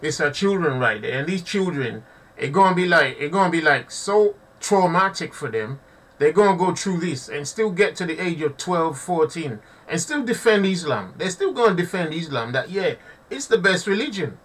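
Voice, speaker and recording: A man's voice: on the high side, lively intonation, normal speed, a bit bright, far from the mic. A man giving impassioned live commentary to his audience, preaching and repeating himself, often calling listeners family. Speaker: online preacher.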